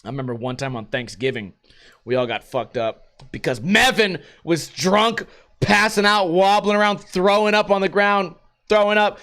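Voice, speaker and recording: A young man hosting a podcast, rambling through a profane, animated story in casual talk. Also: high voice, normal speed. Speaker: podcast host.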